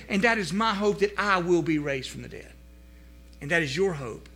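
Bright-voiced man preaching a sermon. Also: expressive, normal speed. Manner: preaching with wide swings from loud emphatic rises to quiet low passages. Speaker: pastor.

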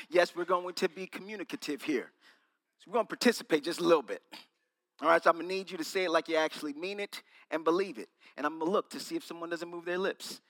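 A man delivers a sermon in a small room, his voice bright and pitched high. He playfully quizzes and teases the people listening. A long reverb trails behind each phrase. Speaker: preacher.

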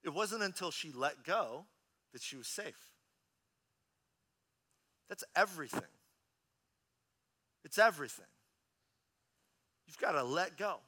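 A man in his thirties preaching a sermon as a pastor, telling a personal story in an animated, conversational way. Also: fairly high pitch, slow pace, long pauses.

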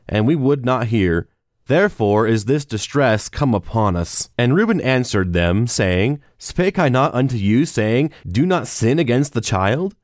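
A man reads scripture aloud in a steady, measured voice of middle pitch. The recording is dry and close, with no room sound around him. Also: no room sound. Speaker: scripture reader. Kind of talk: scripted Bible reading.

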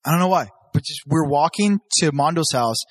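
His voice is fairly high and a little fast, with no room sound, as this young man from Southern California tells stories in a relaxed chat. Cursing freely, he leaps up in pitch whenever he acts out what someone said.

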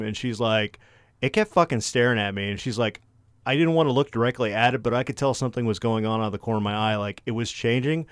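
A man's voice: medium pitch, fast, smooth, dry recording. A young man co-hosting a podcast, telling a story in casual, profanity-heavy chat. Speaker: podcast co-host.

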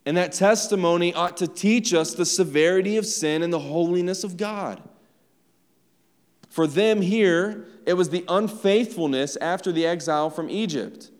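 A man delivers a sermon in a relaxed, conversational way, turning often to address the congregation. His voice sits a little higher than most men's. The sound carries a long reverb from the church sanctuary around him. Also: moderate pace. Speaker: pastor.

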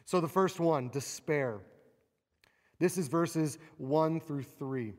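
A man preaching a sermon, animated and expressive, acting out quoted laments with a rising voice. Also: fairly high pitch, slow. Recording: long reverb of a large hall.

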